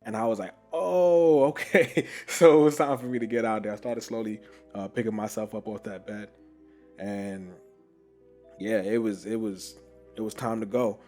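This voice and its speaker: A man with a fairly low voice tells a personal story on a podcast, animated and casual. He laughs often and leans on fillers like "like" and "you know". Faint music plays behind him. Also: normal speed. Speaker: podcast host.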